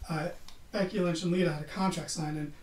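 A man's voice: a little high, fairly even intonation, fairly quick. Man, podcast host, sarcastic casual recap, swears, roomy sound, distant mic.

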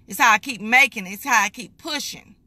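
A woman's voice: a little high, a little fast, bright, forceful tone, no echo. A middle-aged woman preaches an emphatic, folksy live-streamed morning devotional, calling her viewers "baby.". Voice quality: raspy.

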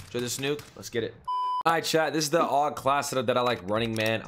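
A man's voice: mid-range voice, a little fast, fairly bright tone, faint music behind. Slangy young gaming streamer man. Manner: slangy, hyped, talks straight to chat. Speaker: gaming streamer and video host. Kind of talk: casual gameplay commentary.

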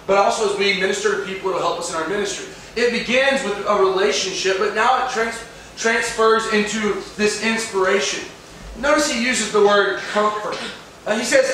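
A man's voice: sits high, moderate pace, bright, forceful tone, a little hiss or hum. A male pastor preaching a sermon with emphatic delivery, often asking the congregation questions. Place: church sanctuary. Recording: echoey church hall from far off.

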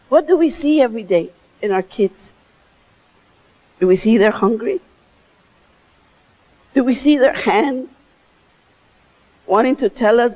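A middle-aged woman with a high voice delivers a motivational keynote from a stage. She tells her story emphatically and slips Spanish phrases into her English. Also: lively intonation, unhurried, pauses often, dark tone, rough recording. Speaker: keynote speaker. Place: stage before an audience.

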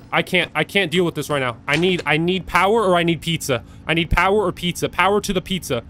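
A man giving live commentary as he plays a horror game. He is jumpy and nervous, repeats words in quick bursts and begs the game's enemies to go away. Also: fairly high pitch, pushed and bright, a little hiss or hum. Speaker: gaming video creator. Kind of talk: live let's-play commentary.

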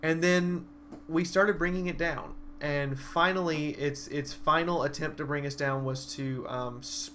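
A young man excitedly recapping a live-action role-play battle in a vlog, a dramatic storyteller whose voice leaps up and down. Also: a little slow, slight background noise. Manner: animated, dramatic storyteller with big swings in pitch and loudness.

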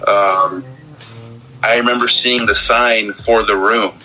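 A man's voice: on the low side, steady tone, slow, sharp tone, low-quality recording. A man co-hosting a podcast, chatting casually about a film, rambling with lots of stammers and restarts. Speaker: podcast co-host. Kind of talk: casual film-discussion chat.

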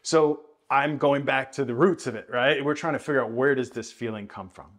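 A man teaching jazz bass in a video lesson, explaining thoughtfully with many hedges and counting and scatting rhythms aloud. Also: a little fast, a bit bright. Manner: thoughtful, hedging explanations with frequent "I think".

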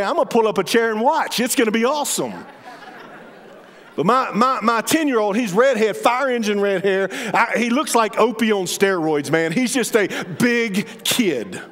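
In a reverberant church sanctuary, a male pastor delivers a humorous storytelling sermon, quieting to a soft, low voice whenever he wants emphasis.

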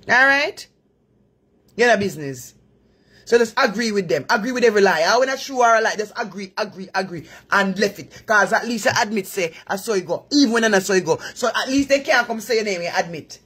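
A woman's voice: on the high side, animated, fairly quick, fairly bright tone, breathy edge. A Jamaican woman hosting a live stream, giving earnest moral advice in patois-laced talk. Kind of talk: preachy live chat.

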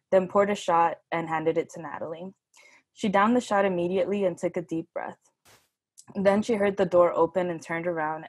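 A woman reading her own short story aloud in a plain, steady way. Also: on the low side, husky, no room sound. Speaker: workshop writer.

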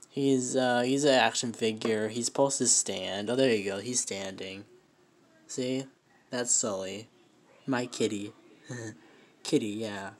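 Young man, casual toy vlog, halting and rambling, emotional, mid-pitched voice, handheld phone recording. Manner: halting and rambling, many fillers and restarts, emotional. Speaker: vlogger. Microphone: handheld phone camera.

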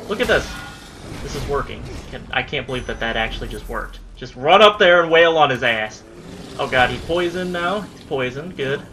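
A man giving casual let's-play commentary during a boss fight, excitable, swearing and yelling at enemies. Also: mid-range voice, normal speed, long pauses, faint music behind. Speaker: gamer playing through a boss fight.

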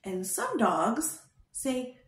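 A woman teaching toddlers, speaking slowly in a sing-song, coaxing way and asking them gentle questions. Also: on the high side, wildly swooping pitch, distant mic. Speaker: children's educator. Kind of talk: toddler lesson with sign language. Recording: roomy echo.

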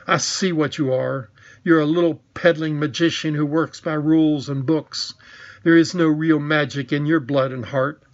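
A man's voice: on the high side, steady tone, moderate pace, muffled recording, lightly acted. A man voicing a proud, cruel witch queen who gives orders with scorn. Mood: scornful. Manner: commanding, scornful.

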